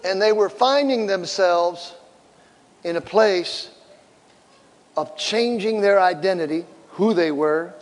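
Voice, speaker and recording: Animated high-voiced man preaching a sermon. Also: long reverb tail. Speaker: pastor.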